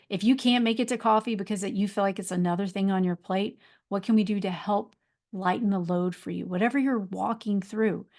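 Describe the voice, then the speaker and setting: A middle-aged woman, hosting a motivational podcast. She is earnest and encouraging and repeats her points. Her voice sits at a typical middle pitch. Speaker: podcast host and life coach.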